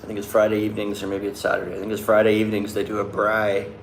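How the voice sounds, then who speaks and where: A young man talks loosely to his viewers, his voice sitting a little low. He drifts and restarts, stringing thoughts together with "like." The room is echoey, with a faint hiss behind him. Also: monotone, very fast, gravelly. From Canada. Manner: rambling, loose, many likes and restarts. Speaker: vlogger answering live chat. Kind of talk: casual chat.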